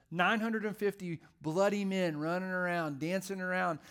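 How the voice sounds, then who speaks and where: A man's voice: high-pitched, steady tone, normal speed, few pauses, a bit bright, clear, resonant tone. Conversational, humorous male preacher. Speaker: pastor. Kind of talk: sermon.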